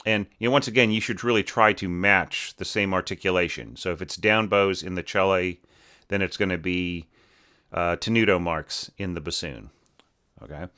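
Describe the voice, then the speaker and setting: A man with a low voice and a bright, forceful edge talks through a score as an orchestration teacher. He thinks out loud, restarting sentences and tagging them with "right?" and "you know". It sounds like an unscripted desktop-mic review. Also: normal speed. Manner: thinking aloud with many fillers and restarts. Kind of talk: casual spoken score review.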